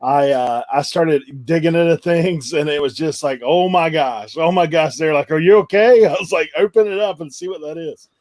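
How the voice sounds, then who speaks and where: Chatty higher-pitched male guest storyteller. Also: moderate pace, hardly any pauses, darkish tone, no echo. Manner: chatty, laughs through his story. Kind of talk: casual storytelling.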